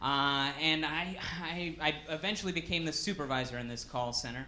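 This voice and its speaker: A man's voice: fairly high pitch, moderate pace, pushed and bright, a little hiss or hum. A man doing a stand-up comedy set on stage, telling stories with many fillers. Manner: storytelling with frequent fillers.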